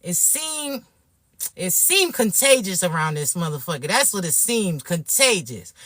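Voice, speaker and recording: A woman from Florida, ranting to camera in a brash, profane, animated way. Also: on the low side, unhurried, dry recording, clean studio sound. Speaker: vlogger. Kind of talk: casual rant to camera.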